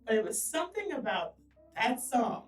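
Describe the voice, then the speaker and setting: A high-voiced woman co-hosts a faith podcast, making bold declarations and backing up her partner. She sounds roomy and a little far from the mic, with faint music beneath her. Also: big pitch swings. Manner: affirming, declarative, quick to laugh along. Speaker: podcast co-host. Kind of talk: faith-based casual podcast talk.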